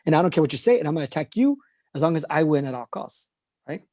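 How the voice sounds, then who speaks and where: A man's voice: on the high side, lively intonation, fast, a little mellow, dry recording, studio quality. A man co-hosting a political talk show, talking in an emphatic, ranting way and repeating phrases for emphasis. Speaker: podcast co-host.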